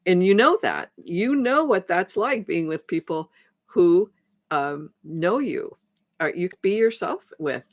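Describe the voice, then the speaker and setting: On a live stream, a woman who works as a transformation coach speaks to her viewers in a lowish, expressive voice at a measured pace. Her thoughts loop back with frequent restarts as she acts out little conversations. The recording is dry and close, with no echo or room sound.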